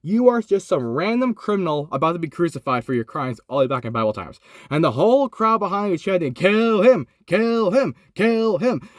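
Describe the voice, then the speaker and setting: A young man recording in his van, casually retelling a Bible story, swinging from excited to hushed and solemn. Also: on the high side, fast talker, hardly any pauses, no echo, studio quality. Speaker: host. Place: inside a van.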